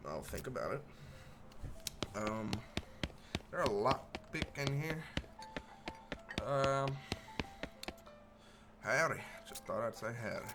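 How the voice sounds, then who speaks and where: A man's voice: medium pitch, animated, slow, long pauses, over music. A man streaming a western game, reading its text aloud and joking casually.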